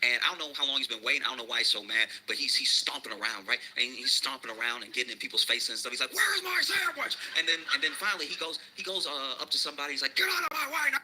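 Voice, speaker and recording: A man's voice: medium pitch, steady tone, rapid-fire, hardly any pauses, sharp tone, poor audio. A man doing a stand-up comedy routine. He tells a rambling story and often laughs through his own lines.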